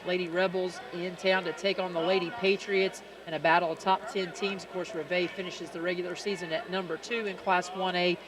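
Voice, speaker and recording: High-voiced small-town basketball announcer. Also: male voice, noisy background. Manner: chatty, joking, fast-running sports patter. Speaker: play-by-play announcer. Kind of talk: high school basketball commentary. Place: school gym. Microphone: headset.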